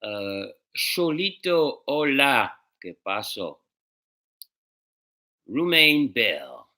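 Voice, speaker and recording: A man hosting a casual music livestream, greeting viewers by name in a relaxed, chatty way and slipping into French and Spanish greetings. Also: mid-range voice, very slow. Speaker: musician hosting a live stream.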